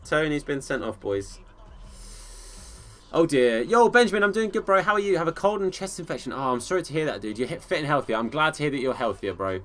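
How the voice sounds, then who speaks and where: A man's voice: fairly high pitch, animated, a little fast, a bit bright. Casual English streamer man chatting. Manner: casual, friendly, calls viewers bro and mate. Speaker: gaming streamer. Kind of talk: live game commentary and chat replies.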